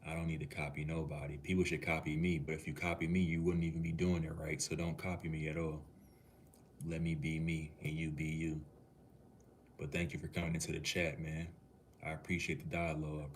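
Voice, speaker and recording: A man's voice: very deep voice, level tone, a little fast, slight background noise. A man from Minneapolis, Minnesota, chatting casually on a livestream and answering viewers' comments in a laid-back, easygoing way. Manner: laid-back, easygoing, talks to the chat like a cool uncle.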